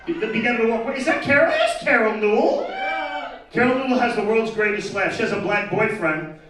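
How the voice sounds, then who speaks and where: In an extremely high, sing-song voice and a fairly quick pace, a man performs a crude, brash stand-up set while teasing the live audience. The recording, made on an echoey distant mic, includes crowd chatter and laughter.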